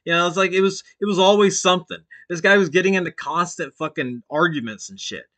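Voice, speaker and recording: A man hosting a stream, giving loud, mocking reaction commentary full of swearing. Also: sits high, fast talker. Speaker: stream host.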